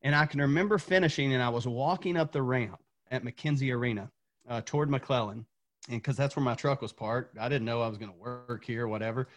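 A man's voice: mid-range voice, a little fast. A man from Tennessee, a former coach, telling an earnest motivational story as a podcast guest, repeating words when fired up.

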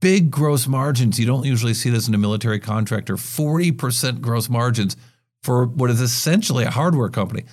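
A man of ordinary pitch hosts a business podcast and explains company news as if chatting with a co-host. He is conversational and stumbles into restarts as he thinks aloud. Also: a little mellow. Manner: conversational, quick asides, frequent restarts.

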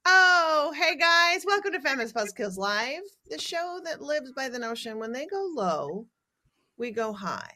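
A woman's voice: high voice, sing-song, measured pace, sharp tone. A middle-aged woman hosting a comedic talk show, telling stories in a wry, irreverent, profane way. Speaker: host. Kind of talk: casual comedic chat.

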